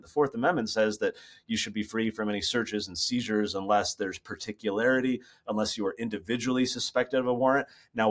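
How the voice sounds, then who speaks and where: A man speaking as a guest over a laptop video call from his office, explaining ideas in an animated, storytelling way. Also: medium pitch. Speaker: guest author. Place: home office.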